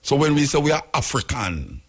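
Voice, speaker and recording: A man with a Jamaican accent speaks in patois as a radio talk show host, his voice husky and grainy. He works through his argument with rhetorical questions and repeats his points for emphasis. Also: mid-range voice, very animated, a little fast.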